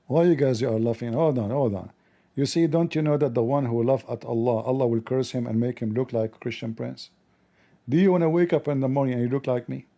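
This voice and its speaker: A man hosting a livestream, talking in a sarcastic, mocking comedic monologue with a gravelly voice. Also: medium pitch, fairly quick, mellow. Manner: sarcastic, mocking, acts out dialogues. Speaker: livestream host.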